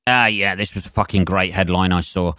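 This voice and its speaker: A man's voice: deep voice, fairly even intonation, a little fast, pushed and bright, dry recording, studio quality. A man hosting his own comedy podcast, ranting and swearing his way through a monologue. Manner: sweary, ranting, winds himself up.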